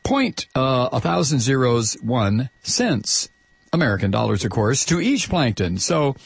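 A man's voice: medium pitch, big pitch swings, unhurried, vocal fry, husky, no room sound. A male talk radio host delivering an indignant, sarcastic political rant. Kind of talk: ranting political monologue.

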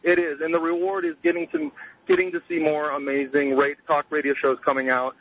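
A man calling into a radio show, speaking earnestly with halting restarts. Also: fairly high pitch, lively intonation, gravelly, slightly rough. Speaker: caller. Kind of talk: call-in conversation. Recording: tinny phone line.

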